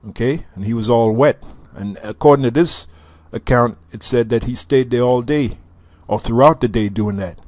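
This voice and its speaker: A man reading a story aloud and breaking off for halting, chuckling commentary. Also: mid-range voice, dry recording. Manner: halting asides, restarts and chuckles between read passages. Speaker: reader and teacher.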